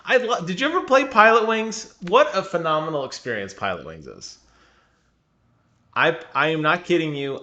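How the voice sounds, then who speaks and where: A man co-hosts a video game podcast from a remote call, chatting casually. His voice sounds bright and forward. He gets animated, laughs easily and keeps firing questions at his partner. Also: mid-range voice, highs cut off. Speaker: podcast co-host. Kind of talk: casual chat. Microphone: remote call mic.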